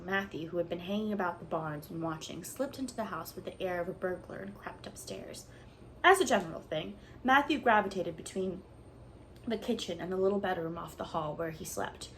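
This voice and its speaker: A woman's voice: lowish voice, a little hiss or hum, poor audio. Woman reading a classic storybook aloud. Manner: expressive, measured reading. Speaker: audiobook reader. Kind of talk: storybook narration.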